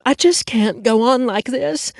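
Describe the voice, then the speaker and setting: A man doing a sobbing, whimpering woman, far higher. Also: measured pace, vocal fry, darkish tone, no echo, clean studio sound, heavily acted. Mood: tearful. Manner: breathless, whimpering, theatrical. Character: distraught sobbing woman, client with ruined hair. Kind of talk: audiobook character voice.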